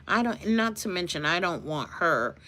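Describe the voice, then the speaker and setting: A woman chatting casually on a live stream, telling a story with animated energy and greeting her chat viewers. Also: lowish voice, moderate pace.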